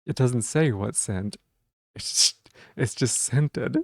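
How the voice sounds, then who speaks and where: A man's voice: mid-range voice, takes it slowly, dry recording, clean studio sound. A man streaming live, chatting casually and playfully while he repeats silly puns and rambles.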